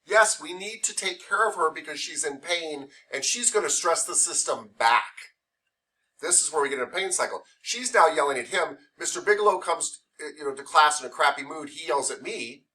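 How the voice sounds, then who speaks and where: Bright-voiced male instructor lecturing. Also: on the high side, lively intonation, normal speed, distant mic. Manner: conversational, uses playful hypothetical examples. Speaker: massage therapy instructor. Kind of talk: classroom lecture. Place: classroom.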